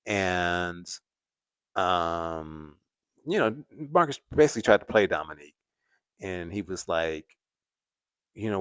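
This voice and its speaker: Deep-voiced man rambling through commentary. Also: animated, takes it slowly, pauses often, fairly bright tone, smooth, no room sound. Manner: rambling, hesitant, many fillers and restarts. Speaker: commentary channel host. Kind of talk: casual live-stream commentary.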